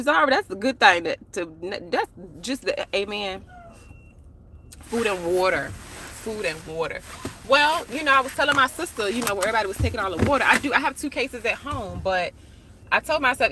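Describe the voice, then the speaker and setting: A woman's voice: mid-range voice, background noise. A woman from the United States chatting casually to her live-stream viewers from a parked car, talking straight to them with slang and asides.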